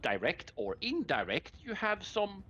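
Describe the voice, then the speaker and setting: A man playing a tabletop role-playing game, explaining his character's moves with many halting restarts. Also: sits high, huge pitch swings, bright, forceful tone. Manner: hesitant, many restarts and fillers. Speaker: player. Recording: dull lo-fi mic with faint background hiss.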